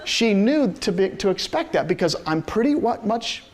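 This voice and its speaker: A man's voice: high-pitched, normal speed. A middle-aged man giving a classroom lecture, telling personal stories and acting out the voices in them with frequent laughter. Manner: animated storyteller, acts out quoted voices, laughs often. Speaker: university lecturer.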